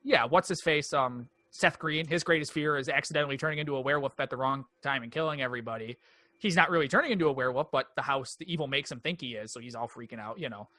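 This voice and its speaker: Bright-voiced animated male podcast host. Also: medium pitch, quick pace, dry recording. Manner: animated storytelling, acting out quoted lines. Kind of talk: casual chat.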